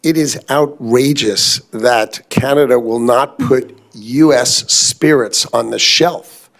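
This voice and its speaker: A man's voice: mid-range voice, slow pace, a bit bright. A man, a government secretary, testifying at a hearing in an insistent, combative way.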